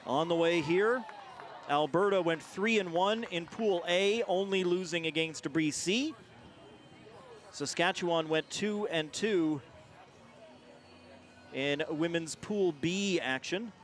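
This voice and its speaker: Energetic play-by-play man, rugby call. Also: fairly high pitch, takes it slowly, pauses often. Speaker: play-by-play commentator. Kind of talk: live sports commentary.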